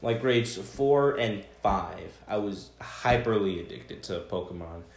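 A man's voice: on the low side, lively intonation, a little slow. Swearing young guy, casual storytelling. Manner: loose, swears a lot, rambling storytelling. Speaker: podcast co-host. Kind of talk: casual chat. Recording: echoey room.

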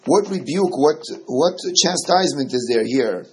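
A man teaching a Torah study class, animated and often repeating words as he explains. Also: a little high, measured pace.

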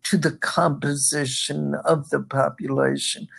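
Brief: woman expert guest, deep husky voice, unhurried explainer. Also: fairly even intonation. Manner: measured, explanatory, occasional laughs. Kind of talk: interview answers.

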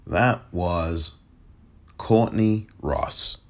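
A man hosting a political commentary podcast, measured and rephrasing himself as he goes. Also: sits low. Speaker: podcast host.

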